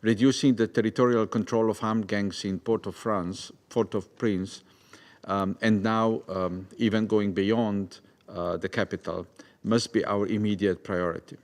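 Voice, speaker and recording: A man's voice: on the low side, fairly even intonation, a little slow. A man delivering a formal address as a council delegate, with some hesitations.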